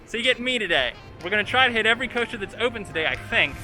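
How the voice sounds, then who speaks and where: Chatty high-voiced man vlogging. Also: animated, very fast, pushed and bright, faint music behind. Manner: chatty and upbeat, with wry asides. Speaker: theme park vlogger. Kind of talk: casual vlog commentary. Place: outdoors at an amusement park.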